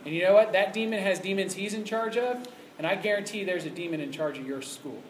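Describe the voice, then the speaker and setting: A man with a notably high voice preaches to a youth audience, emphatic and conversational, leaning on repeated rhetorical checks. He sounds like he's in an echoey room, with a faint hum of noise behind him. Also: a little fast. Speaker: youth ministry speaker. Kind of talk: sermon.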